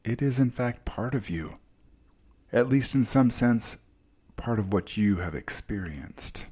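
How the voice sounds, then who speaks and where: A man voicing a gentle, wise older woman mentor who speaks softly and reassuringly, at times dropping to a near whisper. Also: mid-range voice, animated, unhurried, husky, pitched above the performer's own voice. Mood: soothing.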